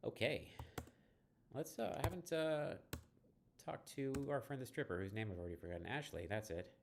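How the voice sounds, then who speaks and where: A man's voice: medium pitch, normal speed, gravelly, noisy background. A man giving playful, chatty commentary while he plays a text adventure game. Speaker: game streamer. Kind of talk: let's-play commentary.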